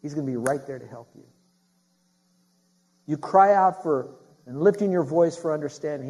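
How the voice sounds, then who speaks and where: A man preaching a sermon as pastor, talking straight to his congregation with questions and building to loud, emphatic preaching. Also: on the high side, moderate pace, pauses often, husky.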